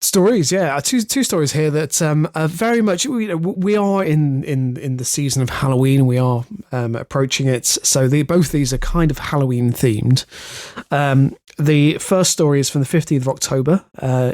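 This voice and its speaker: A man's voice: fairly high pitch, darkish tone, no room sound, studio quality. A British man co-hosting a podcast, chatting in a wry, hesitant way with frequent laughs. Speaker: podcast co-host. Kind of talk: casual chat.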